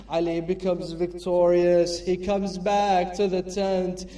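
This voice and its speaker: A man's voice: sits high, completely flat delivery, takes it slowly, hardly any pauses, mellow. A man narrating a mournful story in chanted mourning recitation, drifting between speech and song. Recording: echoey hall from far off, faint music.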